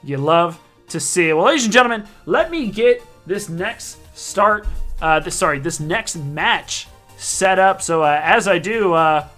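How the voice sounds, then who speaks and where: A man's voice: sits high, animated, measured pace, fairly bright tone, soft background music. A man hosting a live online darts broadcast, introducing players and standings in a casual, joking way and often correcting himself mid-sentence. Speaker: league broadcast host.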